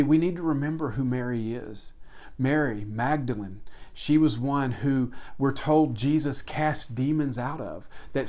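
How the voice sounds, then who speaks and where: This sermon comes from a male pastor with a medium-pitched voice who preaches with earnest, emphatic repetition, going up in volume to stress key points and falling to a hush.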